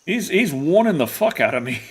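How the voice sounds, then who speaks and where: A man's voice: a little high, big pitch swings, brisk, slightly rough. A young adult man streaming a hunting game, rambling and jokey in casual commentary.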